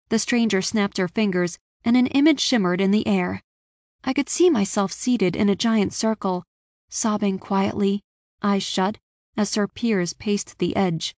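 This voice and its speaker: A woman's voice: mid-range voice, unhurried. A woman reads a first-person story aloud in a scripted, dramatic way, giving each line feeling. Her voice sits mid-range and is captured close on the mic, with a dry sound and no room echo. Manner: dramatic, expressive reading. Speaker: audiobook narrator.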